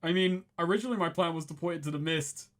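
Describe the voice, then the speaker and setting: A man with a slightly high voice talks through a tabletop game with friends. He rambles, doubles back and corrects himself as he goes, half in character and half out. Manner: rambling, self-correcting, quick asides. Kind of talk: casual in-character table talk.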